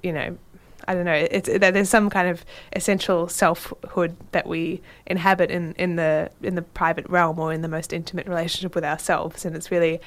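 Woman cohost, lowish voice, measured and careful, summing things up. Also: flat delivery. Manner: measured, careful, reads a long quote slowly. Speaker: podcast co-host. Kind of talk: casual academic discussion and reading aloud.

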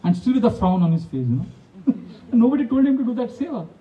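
A man's voice: very high-pitched, fast, far from the mic, lo-fi sound. A man, a monk giving a devotional talk full of anecdotes, often laughing and acting out quotes. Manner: storytelling, animated, laughs often, acts out quotes.

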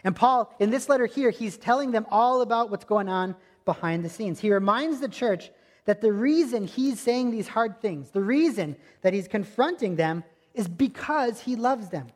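A man's voice: high voice, expressive, normal speed. A man preaching a sermon as pastor, earnest and emphatic, driving points home through repetition. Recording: long hall reverb.

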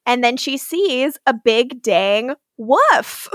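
A woman's voice: high-pitched, big pitch swings, dry recording, studio quality. A woman co-hosting a podcast, recapping an episode in casual chat and laughing often as she acts out lines. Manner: laughing often, acting out lines in quick snippets. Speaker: podcast co-host. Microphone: podcast microphone.

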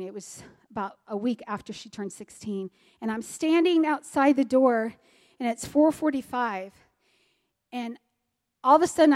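A woman from the United States, around her forties, with a high, light voice. She tells her personal testimony earnestly and vividly, recounting events as she lived them. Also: darkish tone, in a large hall. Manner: earnest, vivid retelling that acts out dialogue. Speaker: speaker giving a personal testimony. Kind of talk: emotional storytelling testimony.

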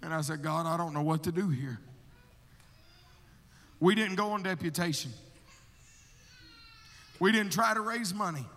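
High bright-voiced man preaching in a hall. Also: unhurried, long pauses. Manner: animated storyteller, acting out his own prayers and talks; calls listeners brother, laughs between stories. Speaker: guest missionary preacher. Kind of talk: storytelling sermon testimony. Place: church sanctuary. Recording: long hall reverb from a church.

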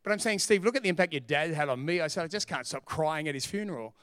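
A middle-aged man, preaching a sermon as pastor in an energetic, joking, emphatic way. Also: on the high side, quick pace, smooth, dry recording.

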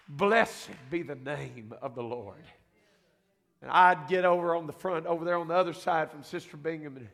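A man with a high, gravelly voice delivers a fervent sermon as a senior pastor. He rises from reflective storytelling to shouted exclamations. His voice rings through a church sanctuary with long reverb. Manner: fervent preaching, building to shouts.

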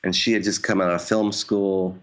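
A man's voice: sits low, flat delivery, normal speed. A middle-aged man, a jazz musician, talking casually in an interview with wry self-mocking humor and many restarts and fillers.

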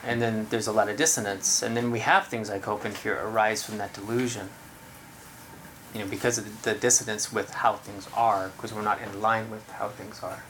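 Relaxed meditation teacher giving a dharma talk. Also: medium pitch, moderate pace, a little hiss or hum, poor audio. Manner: relaxed, conversational, laughs easily. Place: room with about thirty people.

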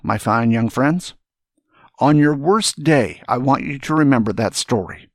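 A man's voice: mid-range voice, unhurried, dry recording, clean studio sound. An older man, a retired general, telling a story and giving earnest, emphatic advice in a speech to young students.

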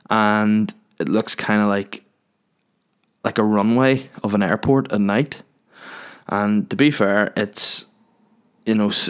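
Crude-joking man. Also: lowish voice. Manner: self-deprecating, rambling, deadpan crude humor. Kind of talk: crude comic storytelling.

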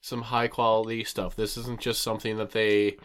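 A man's voice: on the low side, level tone, normal speed, a bit bright, smooth. A young man co-hosting a casual food podcast, joking often with crude humor. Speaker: podcast co-host. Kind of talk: casual chat while eating.

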